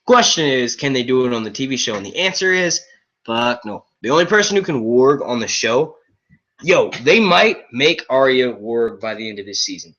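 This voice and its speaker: A man streaming casual chat to his viewers, excitable and profane, full of slang and jumping between topics. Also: mid-range voice, muffled recording. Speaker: YouTube reviewer streaming to viewers.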